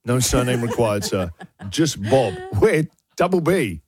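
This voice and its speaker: A man's voice: mid-range voice, very animated, measured pace, a crowd in the background. A male radio host in casual chat, laughing often and putting on mock voices.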